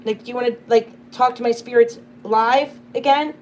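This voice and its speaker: A woman's voice: on the high side, fairly even intonation, moderate pace, a little mellow, a little hiss or hum. A young woman hosting a casual livestream from home, telling stories in a chatty way full of fillers. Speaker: livestream host.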